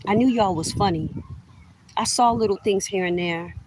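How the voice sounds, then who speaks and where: Against a noisy background, a middle-aged woman vlogger rants at the camera in a heated, accusatory way. She speaks at normal speed with a medium pitch, repeating herself for emphasis and addressing listeners as "y'all."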